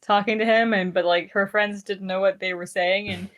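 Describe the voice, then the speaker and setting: Podcast lady chatting about a show, animated, giggly, acts out the lines. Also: mid-range voice, normal speed. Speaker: podcast co-host. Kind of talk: casual chat reviewing a show.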